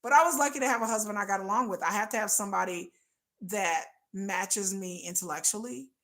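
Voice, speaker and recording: A woman's voice: medium pitch, a little fast, a bit bright. A woman hosting a casual livestream, talking candidly and bluntly and laughing often. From United States. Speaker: livestream host.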